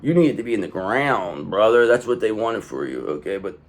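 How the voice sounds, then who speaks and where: A man giving a casual tarot reading, talking in an emphatic, profane, streetwise way and swinging between loud bursts and low asides. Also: big pitch swings, moderate pace. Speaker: tarot reader.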